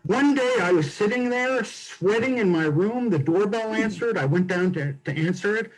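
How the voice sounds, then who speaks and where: A man's voice: high-pitched, animated, normal speed, low-quality recording. A man doing a chatty, self-deprecating stand-up set over a video call. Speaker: stand-up comic. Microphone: video call mic. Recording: video call with loud laughter behind.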